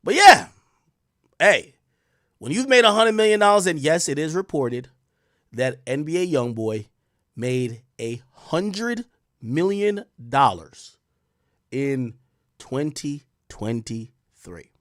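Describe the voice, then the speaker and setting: A young man hosting a show, telling a story to viewers in a casual, profane and slangy way, with loud exclaims and quiet asides. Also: fairly high pitch, big pitch swings, takes it slowly, long pauses, no room sound, clean studio sound. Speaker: show host.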